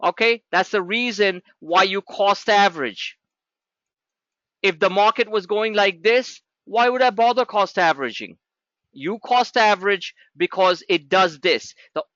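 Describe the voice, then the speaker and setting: A man's voice: high-pitched, animated, moderate pace, sharp tone, no echo, highs cut off. Blunt, sarcastic man teaching trading. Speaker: trading educator. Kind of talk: live trading class talk.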